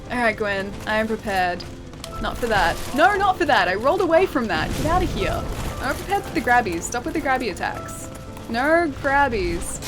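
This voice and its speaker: A woman with an Australian accent giving chatty live gameplay commentary, laughing often and thanking viewers as she plays. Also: fairly high pitch. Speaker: game streamer. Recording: steady background noise.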